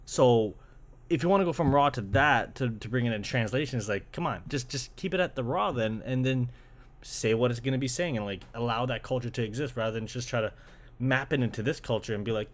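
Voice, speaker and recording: The young anime fan from Canada talks fairly fast at a medium pitch, ranting casually about translations of anime. He swears, fills gaps with "like," and mimics people in a mocking tone.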